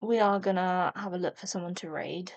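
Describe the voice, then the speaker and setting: A woman streamer reacting to a game showcase in casual, excitable chat. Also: lowish voice, brisk.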